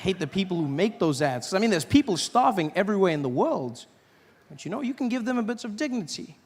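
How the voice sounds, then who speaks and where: High-voiced man doing stand-up in a hall. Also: fast, a little hiss or hum. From Africa. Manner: animated storytelling with acted-out voices. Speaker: stand-up comedian. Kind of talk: stand-up comedy routine. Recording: live hall with audience. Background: audience laughter.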